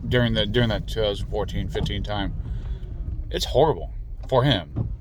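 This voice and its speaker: A fairly low-pitched American commentator speaks animatedly at a moderate pace against a noisy background. He delivers a rambling, angry political monologue full of swearing and false starts.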